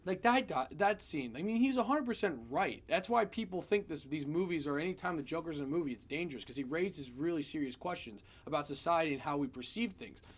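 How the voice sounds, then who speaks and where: A man's voice: a little high, fast, few pauses. Man casually retelling film scenes. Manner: animated, profane retelling of scenes. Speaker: film reviewer. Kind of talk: casual spoiler review.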